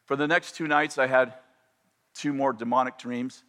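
A man telling a personal story in a sermon, animated and self-interrupting, often repeating and restarting his phrases. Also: medium pitch, normal speed.

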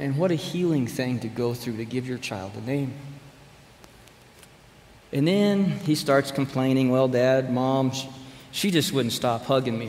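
A man's voice: mid-range voice, slight background noise. A male preacher recounts a family story to his congregation. His delivery is conversational and emphatic, often turning to address the room directly. His voice carries with a long hall reverb over faint room ambience. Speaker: pastor or church speaker. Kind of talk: sermon storytelling. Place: church sanctuary with an audience.

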